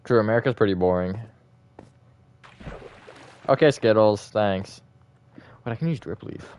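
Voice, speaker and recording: A man's voice: lowish voice, measured pace, darkish tone. A man streaming a building game live, chatting casually and reacting to viewer comments. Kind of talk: live gaming stream chat.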